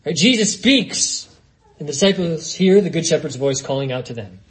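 A man's voice: fairly high pitch, animated, normal speed, fairly bright tone. A man preaching an expository sermon, conversational, with frequent asides to the congregation.

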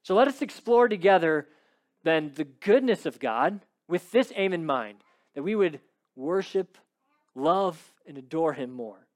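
A man's voice: a little high, lively intonation, unhurried. A male pastor preaching a sermon, emphatic, with rhetorical questions and repeated phrases. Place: church service.

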